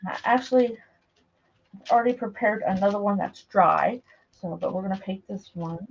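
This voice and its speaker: This is a middle-aged woman livestreaming her crafting, talking casually and wandering off topic as she works and greeting viewers by name. Her medium-pitched voice carries vocal fry and keeps a moderate pace. She's recorded on a camera mic while moving around a table in her home craft room, and the live audio sounds dull and lo-fi.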